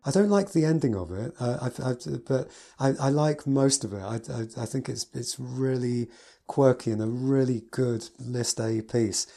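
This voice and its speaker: Mellow-voiced man gushing over pieces. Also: medium pitch, normal speed, creaky. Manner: enthusiastic, gushing with adjectives. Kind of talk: casual spoken review from notes.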